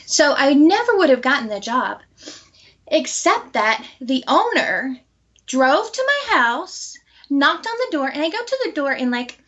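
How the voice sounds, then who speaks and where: A woman being interviewed, telling a personal story and acting out quoted dialogue with lively energy. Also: high voice, unhurried, dull audio. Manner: animated, acts out quoted dialogue.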